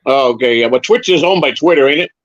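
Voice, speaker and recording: A man's voice: mid-range voice, lively intonation, fast, no echo. A man chatting casually on a live stream, rambling through stories and stumbling over repeated words. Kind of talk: casual chat. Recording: dull lo-fi sound.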